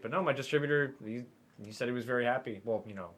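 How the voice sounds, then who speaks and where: A man's voice: mid-range voice, fast, a bit bright, a little hiss or hum. A man talking as a guest filmmaker, laid-back with dry jokes. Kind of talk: casual chat.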